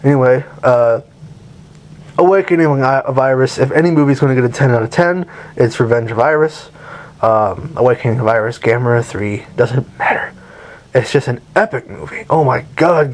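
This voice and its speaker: A young man giving a rambling, enthusiastic spoken movie review, swearing casually as he goes. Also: medium pitch.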